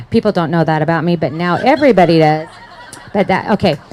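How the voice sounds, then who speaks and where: Lively storytelling woman speaker, lowish voice. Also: normal speed. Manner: animated storytelling with acted-out quotes and laughs. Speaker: conference speaker. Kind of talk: personal testimony talk. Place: indoor event hall.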